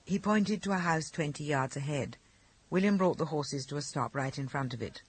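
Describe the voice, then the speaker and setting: A man narrating an audiobook of short stories with a lively, expressive reading. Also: fairly high pitch, normal speed, slightly rough. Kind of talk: scripted narration.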